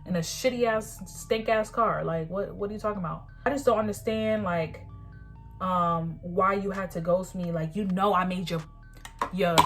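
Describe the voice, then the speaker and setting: A 21-year-old woman vlogger telling a candid story in casual talk, animated, laughing often and using slang. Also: mid-range voice, moderate pace, faint music behind. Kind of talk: casual storytime while getting ready.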